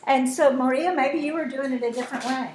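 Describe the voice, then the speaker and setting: Woman math teacher, higher voice, patient step-by-step explainer. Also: fairly quick, slight background noise. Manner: explains step by step, checks in with students. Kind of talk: classroom lesson.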